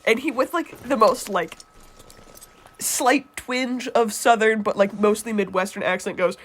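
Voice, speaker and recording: A woman's voice: fairly high pitch, measured pace, noisy background. A young American woman streaming a game, telling a rambling story with lots of fillers and casual swearing. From United States. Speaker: gaming streamer. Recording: game sounds and hoofbeats under the voice.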